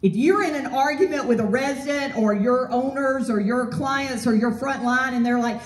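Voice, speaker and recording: A woman giving a motivational property management seminar, energetic, often posing fill-in-the-blank questions to the audience. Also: high voice, normal speed. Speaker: property management trainer and speaker. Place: event hall with an audience. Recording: roomy hall, voice from far off.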